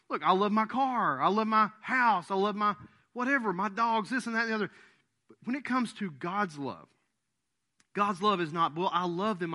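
Animated, high-pitched, lively preaching man. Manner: animated, emphatic preaching with mock quotes and sudden drops to a low voice. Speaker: pastor. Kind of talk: sermon.

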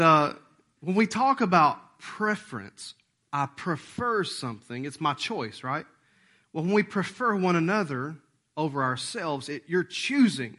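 A man's voice: fairly high pitch, sharp tone. A man, preaching a sermon as pastor in a folksy, joking way, often slipping into playful voices.

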